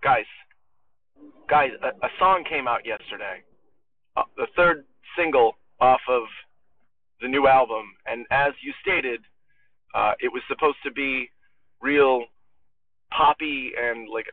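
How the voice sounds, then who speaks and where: A man's voice: mid-range voice, a little slow, long pauses. Rambling man on a tinny voicemail. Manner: rambling, searches for words, self-mocking. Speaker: voicemail caller. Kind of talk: rambling phone message. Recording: tinny phone line from far off.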